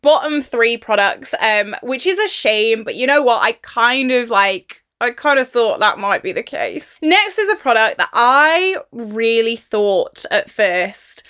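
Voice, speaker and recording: A woman's voice: fairly high pitch, lively intonation, unhurried, few pauses, fairly bright tone, clean tone. A young woman chatting through a makeup review vlog, emphatic and exasperated about a product. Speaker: beauty YouTuber.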